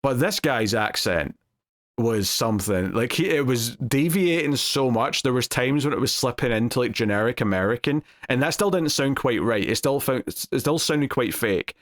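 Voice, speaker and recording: A man's voice: medium pitch, animated, moderate pace. A young man reviewing a TV episode in casual solo talk, rambling with lots of restarts and fillers.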